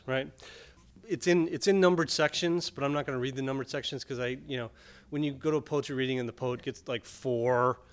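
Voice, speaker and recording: A middle-aged man performing his poems at a live reading, his voice mid-pitched and even. Between pieces he drops wry, offhand asides to the audience. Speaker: poet.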